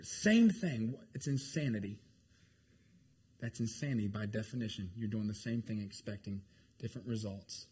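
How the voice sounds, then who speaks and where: A man preaching a sermon as pastor, emphatic and repetitive, often asking the congregation if they are hearing him and swinging between loud stretches and hushed ones. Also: on the low side, moderate pace, slight background noise.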